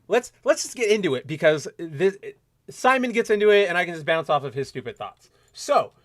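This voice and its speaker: A young man with a fairly high voice rants through a casual solo podcast from his home setup, animated and opinionated. The sound is dry and close, with almost no room echo. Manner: animated ranting, mocking quoted voices. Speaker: podcast host.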